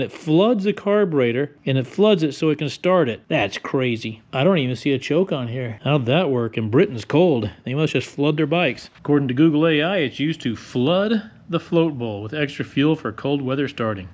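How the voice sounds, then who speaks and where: A man's voice: a little high, a little mellow. An older man wisecracking bluntly as he walks through a motorcycle repair in his garage, in casual how-to narration. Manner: wisecracking, blunt, explains as he works. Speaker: motorcycle restorer.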